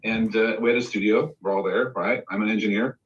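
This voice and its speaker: Speaking briskly in a fairly low voice, this man shares a recording-studio story as a guest on a live video call, animatedly voicing the people he quotes. He's far from the microphone, the audio is dull, and there's a faint hiss or hum under the casual stream chat.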